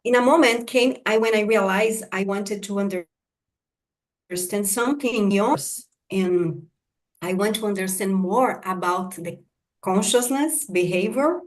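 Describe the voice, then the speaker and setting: Slow, hesitant woman guest. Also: mid-range voice. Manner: slow, hesitant, searching for words. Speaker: podcast guest. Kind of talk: reflective conversation.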